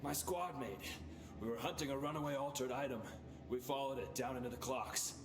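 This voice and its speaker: An actor playing a battered male field agent in a game, gruff and clipped, shrugging off his wounds. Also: mid-range voice, fairly quick, lightly acted. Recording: roomy game audio.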